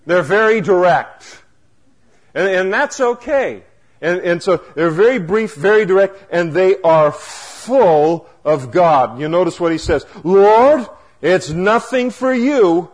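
Male pastor, high voice, preaching, dramatic shifts from quiet to loud, wry humor. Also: measured pace. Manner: swings from hushed low asides to loud emphatic exclamations; acts out wry humorous asides with laughter. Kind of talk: sermon.

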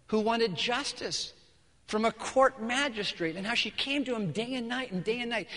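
A man preaching a sermon as pastor, acting out scenes and swinging from hushed to shouting. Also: very high voice. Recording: long hall reverb.

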